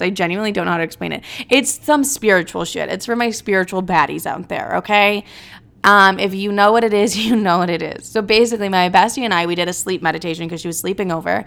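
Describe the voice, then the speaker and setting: A young woman talks in a loose, rambling monologue, slipping into quick acted-out bits of dialogue and swearing as she goes. Her voice has a steady gravelly fry running through it. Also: mid-range voice. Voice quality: vocal fry. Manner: chatty, rambling, swearing, acts out quotes. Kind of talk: casual storytelling monologue.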